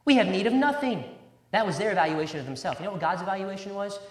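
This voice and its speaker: A man's voice: high-pitched, lively intonation, fast talker. A man preaching a sermon with emphasis, repeating key words and quoting scripture in old-fashioned wording. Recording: roomy echo.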